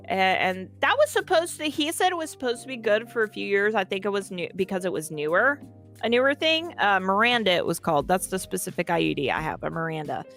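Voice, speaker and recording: A woman's voice: mid-range voice, a bit bright. A woman guest in an interview, telling a personal story in a casual, candid and profane way.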